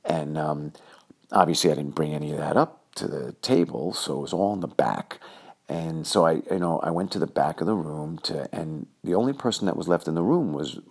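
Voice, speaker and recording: A man's voice: extremely low pitch, gravelly, slightly rough. A man from New York telling a rambling personal story full of fillers and acted-out quotes. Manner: filler-heavy, animated, acts out quoted voices. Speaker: storyteller recalling his youth.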